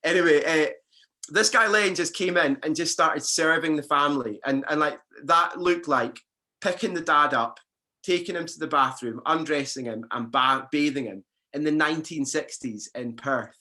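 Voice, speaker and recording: A male pastor preaching a sermon in a relaxed, conversational way, with frequent fillers and restarts. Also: on the high side, normal speed.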